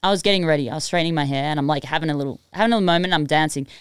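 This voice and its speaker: A woman's voice: deep voice, racing, clean tone, no echo, studio quality. A woman with an Australian accent chatting casually on a podcast, giggly and full of fillers. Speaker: music producer, podcast guest.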